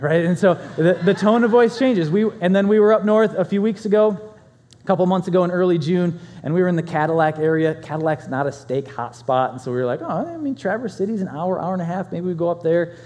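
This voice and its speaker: Pastor, male, conversational sermon storyteller, loudness swings; slightly high voice, reverberant church hall. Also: a little fast.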